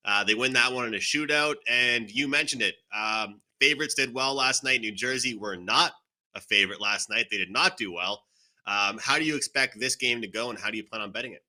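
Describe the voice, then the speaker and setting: A man's voice: mid-range voice, brisk, pushed and bright. A man hosting a sports betting panel, upbeat, turning to each panelist by name. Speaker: show host.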